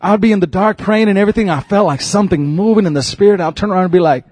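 Man, preacher, sermon, husky, very high voice, dry sound. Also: rapid-fire, few pauses, no room sound. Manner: preaching with rising shouts and laughs. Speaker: pastor.

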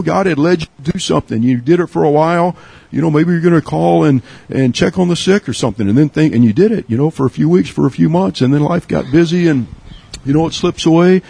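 A middle-aged man from Texas preaching a sermon, earnest, with repeats and restarts, rising high to urge and sinking low and quiet. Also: gravelly, husky, dry recording. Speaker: pastor.

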